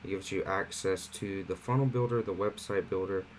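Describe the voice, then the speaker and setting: Man, lowish voice, relaxed tutorial host, faint air-conditioner hum in the room. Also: normal speed, rough recording. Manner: relaxed, conversational walkthrough with fillers. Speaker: online marketing platform host. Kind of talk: casual screen-share tutorial.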